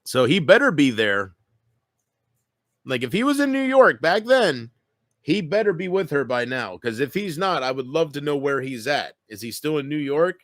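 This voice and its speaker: A man rambling and joking through a casual livestream, swearing freely as he goes. His voice sits somewhat high for a man. The sound is close and dry, with no room around it. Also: very animated, normal speed, fairly bright tone, no room sound.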